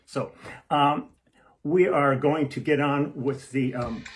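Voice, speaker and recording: A man's voice: fairly high pitch, fairly even intonation, takes it slowly, loud music behind the voice. A man, a musician hosting his own video series, chatting casually to camera and often breaking off mid-thought. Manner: rambling, self-interrupting, easygoing.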